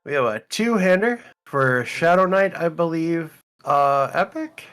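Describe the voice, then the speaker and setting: A man's voice: on the high side, unhurried, clear, resonant tone. A man streaming a game, casually handing out loot to his raid group and chatting as he goes. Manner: relaxed, talks loot through aloud.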